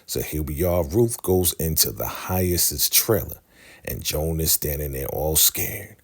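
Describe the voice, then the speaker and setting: Deep gravelly man recapping a show. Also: animated, measured pace. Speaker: show host recapping a TV episode. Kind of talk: casual recap narration acting out the scenes.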